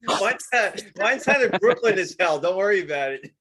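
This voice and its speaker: A man from the United States co-hosting a casual podcast, talking fast and laughing a lot. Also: high voice, expressive, fairly bright tone, breathy edge. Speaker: podcast co-host.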